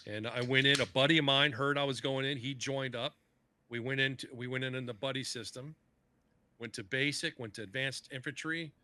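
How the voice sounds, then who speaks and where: A man's voice: medium pitch, fairly even intonation, fairly quick, sharp tone, no room sound. A man, a podcast guest, telling stories in a casual chat, swearing freely and acting out what other people said. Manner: profane, acts out other people's lines.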